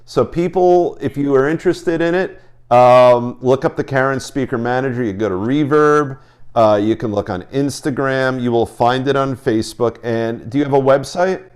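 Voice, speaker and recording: Um homem que apresenta uma entrevista casual por chamada de vídeo e fala com entusiasmo, recomeçando as frases. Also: male voice, medium pitch, a little mellow, smooth. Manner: enthusiastic, talks in quick restarts. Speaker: interview host. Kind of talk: casual video-call interview. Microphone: video call.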